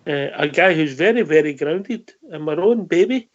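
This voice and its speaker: Host, easygoing chat, slightly higher voice, dull mic sound. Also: male voice, animated, normal speed. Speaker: radio show host. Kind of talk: casual fan radio chat.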